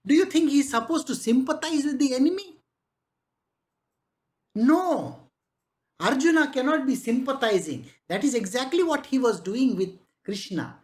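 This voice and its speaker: A woman spiritual teacher giving a conversational spiritual discourse, chatting along with frequent rhetorical questions. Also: high voice.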